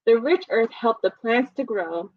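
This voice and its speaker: A woman librarian leading a live storytime for young children, reading aloud and explaining in a gentle, encouraging way. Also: fairly high pitch, expressive, measured pace, no echo, narrow, tinny audio.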